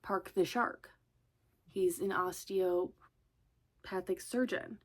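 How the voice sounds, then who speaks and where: A woman talking casually to her camera in a loose, rambling vlog. Her voice sits a little low, and she keeps laughing and swearing as she goes. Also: fairly even intonation, extremely slow. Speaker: vlogger.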